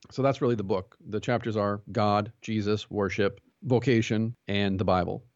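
A man's voice: fairly low pitch, steady tone, moderate pace, hardly any pauses, no echo, muffled recording. A man who is a pastor and jiu-jitsu instructor, talking earnestly as a podcast guest and telling stories with quoted dialogue. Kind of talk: conversational interview.

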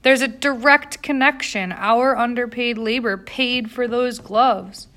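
A woman's voice: medium pitch, a little fast, lightly acted. A woman voicing a fiery, indignant young female factory worker who speaks in a heated, accusing way.

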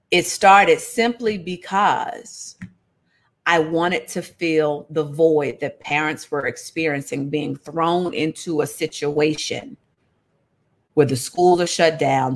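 Slow-talking woman teaching scripture. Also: low voice. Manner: lively and conversational, calling out to listeners. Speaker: Bible study teacher. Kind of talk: casual sermon-style Bible teaching.

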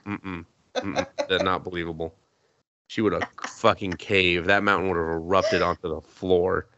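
A woman's voice: very deep voice, fairly even intonation, a bit bright, dull audio. A woman co-hosting a podcast, recapping a movie in casual chat with sarcasm and swearing, acting out the characters' lines. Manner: profane, sarcastic, acts out characters in quick voices. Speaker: podcast co-host.

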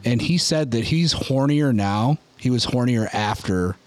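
A man co-hosting a podcast in crude casual chat, swearing freely and reacting quickly. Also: medium pitch, lively intonation. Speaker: podcast co-host.

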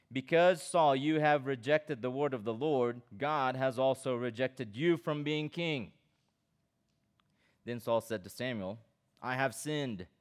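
A middle-aged pastor preaching to students at a youth camp, reading scripture aloud and breaking in with his own comments and questions. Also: mid-range voice. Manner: asks the listeners direct questions.

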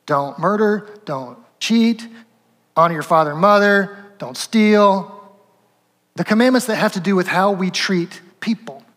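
High-voiced pastor in a reverberant hall. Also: male voice, unhurried, a bit bright. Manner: conversational, asks the congregation questions. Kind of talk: sermon.

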